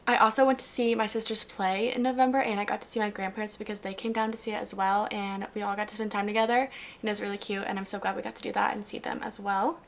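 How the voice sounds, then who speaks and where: A young woman in her twenties recapping her year in a casual, chatty vlog, upbeat and full of "like" fillers. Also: on the high side. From US South. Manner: bubbly, upbeat, lots of "like" fillers. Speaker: lifestyle vlogger.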